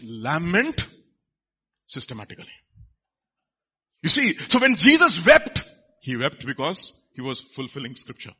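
A man's voice: high-pitched, bright, forceful tone, husky. A man preaching a sermon, asking the congregation questions as he teaches from scripture. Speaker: pastor.

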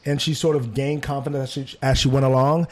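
A man's voice: medium pitch, fairly quick. Male reviewer, mid-range voice, conversational and opinionated. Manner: animated, mimics voices when quoting. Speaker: theater reviewer.

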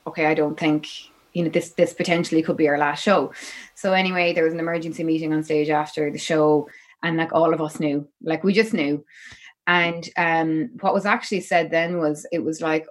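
Low-voiced Irish woman telling a story. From Ireland. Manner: rambling, chatty storytelling. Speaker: guest musician. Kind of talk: casual interview chat.

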